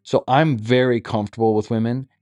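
A man's voice: mid-range voice, fairly even intonation, fairly quick, darkish tone, dry recording. A man talking as a podcast guest over a phone, rambling, joking and swearing freely in casual chat. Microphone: remote call on a phone.

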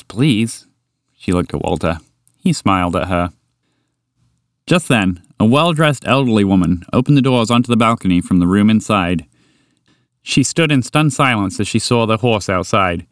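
A man narrating a children's story in a gentle, expressive storytelling manner. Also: on the low side, clear, resonant tone, dry recording, studio quality.

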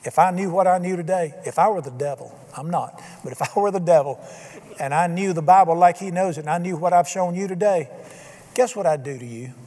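An older man preaching with a noticeably high voice, emphatic and folksy with flashes of humor. His voice rings out with a long reverb, as if filling a large church sanctuary. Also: fairly quick, dark tone. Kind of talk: sermon.

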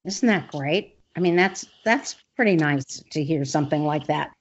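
A woman's voice: sits low, normal speed. A woman interviewing a guest, asking questions and affirming her answers. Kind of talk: conversational interview. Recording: dull lo-fi audio.

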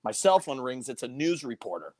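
A man, a former morning radio host, telling a story as a podcast guest in a casual, animated way, swearing freely. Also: brisk, no room sound. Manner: animated, swears freely, big swings in pitch and loudness.

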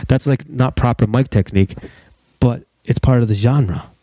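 Guy rambling on his podcast, swears a lot, gets hyped, mellow tone, dry sound. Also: medium pitch, normal speed, no echo. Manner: casual, profane, excitable. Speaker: podcast host. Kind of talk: rambling live-stream monologue. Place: home studio in Mexico.

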